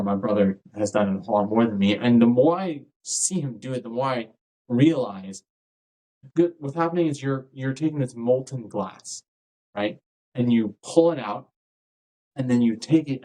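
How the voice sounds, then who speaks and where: Speaking in a medium-pitched voice over poor audio, a man who teaches dance delivers a casual podcast monologue. He keeps it conversational, repeatedly asks his listeners "right?", and performs the people he quotes in animated voices.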